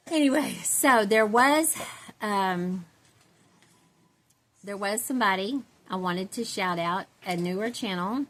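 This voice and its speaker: A woman's voice: medium pitch, takes it slowly, long pauses, fairly bright tone. A woman from Central Texas, chatting casually and rambling to her viewers, laughing often. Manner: rambling, chatty, laughs often, self-described country girl. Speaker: doll-collecting vlogger.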